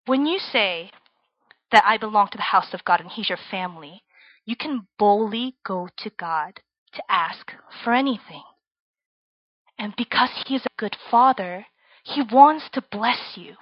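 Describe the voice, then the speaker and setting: A woman's voice: medium pitch, expressive, unhurried, no room sound, dull audio. A young woman from Virginia giving a casual, chatty sermon to students, often tagging her points with "right?". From Virginia, USA. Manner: chatty, tags lines with "right?" and "like". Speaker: preacher.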